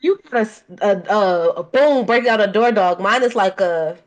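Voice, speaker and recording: A woman's voice: medium pitch, normal speed. A Baltimore woman co-hosting a casual podcast in an everyday mid-range voice. She tells stories in loose bursts full of "like" and laughs easily, often sounding a little defensive. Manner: laughing, defensive storytelling with many fillers. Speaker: podcast co-host. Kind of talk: casual chat.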